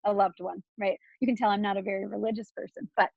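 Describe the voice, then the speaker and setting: A woman's voice: mid-range voice, level tone, fast, vocal fry, slightly rough, dry recording, muffled recording. A woman from Texas in her thirties, speaking as an interview guest in a loose, candid flow full of "like" and restarts.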